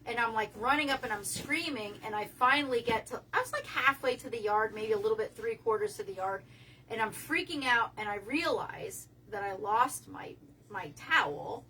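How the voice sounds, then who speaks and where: Woman, casual storyteller, bright and a touch high, rambles and restarts. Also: moderate pace, recorded from a distance, slight background noise, poor audio. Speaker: co-host telling a story.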